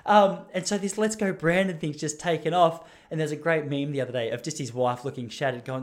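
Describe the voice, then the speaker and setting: A man's voice: fairly high pitch, quick pace, few pauses. An Australian man in his thirties rambling and joking through a casual monologue, laughing often. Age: 30s.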